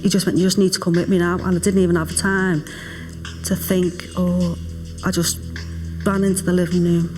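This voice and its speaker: A woman, a grieving mother, recalling events quietly in a documentary interview. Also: fairly low pitch, level tone, moderate pace, faint music behind. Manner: quiet, hushed recollection, drops to a whisper at times. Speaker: mother of the victim.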